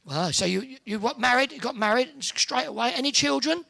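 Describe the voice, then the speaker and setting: High, gravelly joking man. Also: expressive, bright, forceful tone. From Hertfordshire, England. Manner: joking, teasing, quick with quips. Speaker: host working the audience. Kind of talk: cheeky audience banter. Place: indoor event hall with a live audience.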